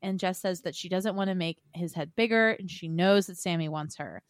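A woman co-hosting a casual podcast, recapping reality TV in a chatty, animated way and laughing often. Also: fairly low pitch, fairly quick, dry recording, studio quality. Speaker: podcast co-host.

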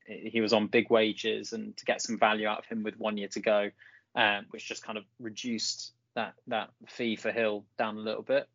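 A man's voice: lowish voice, level tone, moderate pace, a bit bright, no room sound, lo-fi sound. A man co-hosting a football podcast, talking casually with lots of fillers and restarts. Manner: chatty, many fillers and restarts. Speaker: podcast co-host.

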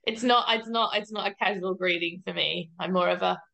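Brief: Australian woman, bright crisp tone, casual and dry podcast guest. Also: on the low side, steady tone, fairly quick. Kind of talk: casual chat.

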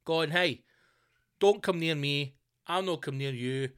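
A man hosting a podcast, telling stories in a profane, animated comic rant full of mock outrage. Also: fairly high pitch, a little slow, clean tone. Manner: swears constantly, mock outrage. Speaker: podcast host. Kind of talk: comedic rant.

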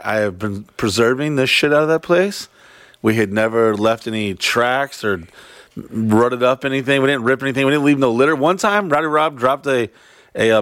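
A man's voice: medium pitch, fairly bright tone, no room sound, clean studio sound. A man telling a rambling, profane story in casual chat with a friend.

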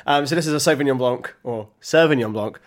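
A man's voice: mid-range voice, fairly even intonation, fast. Hesitant man co-hosting a podcast. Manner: hesitant, stammers and restarts often. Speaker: podcast co-host. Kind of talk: casual chat.

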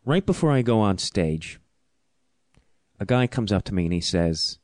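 Male comedian host, self-mocking storyteller, lowish voice, very dry close sound. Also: normal speed, pauses often, dry recording. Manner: animated, self-deprecating, laughs often. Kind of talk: comic storytelling.

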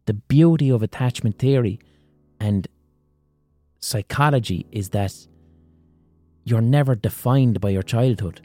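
Mellow-voiced man, frank casual talk. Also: medium pitch, measured pace, long pauses, dry recording, soft background music. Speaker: podcast host. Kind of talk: casual psychology talk with storytelling.

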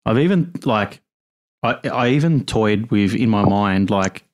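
Low-voiced podcast host. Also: male voice, animated, measured pace. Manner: rambling, many fillers like "you know". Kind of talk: casual call-in chat.

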